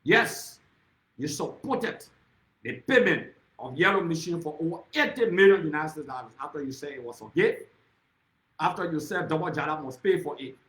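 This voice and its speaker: A man's voice: on the high side, animated, moderate pace, fairly bright tone, echoey room, low-quality recording. A man with a Liberian accent giving an impassioned, accusatory political speech, repeatedly addressing his target by name. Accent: Liberian English. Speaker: political speaker.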